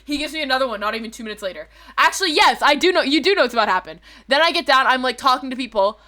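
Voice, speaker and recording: A woman's voice: high-pitched, lively intonation, rapid-fire, pushed and bright. A woman streamer chatting casually to her viewers, telling a rambling story, swearing freely and correcting herself as she goes.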